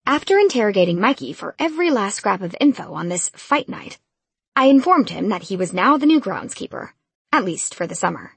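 A woman reading a novel aloud in first person, in a brisk, casual way. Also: mid-range voice, very animated, creaky, slightly rough, no echo. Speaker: audiobook narrator.

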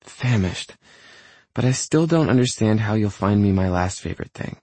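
Guy doing a soft giddy girlfriend voice, pitched way up from his deep tone, dry close sound. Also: animated, normal speed, no echo. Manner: soft, giddy, whiny at times. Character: giddy affectionate young woman, girlfriend. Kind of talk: audiobook character voice.

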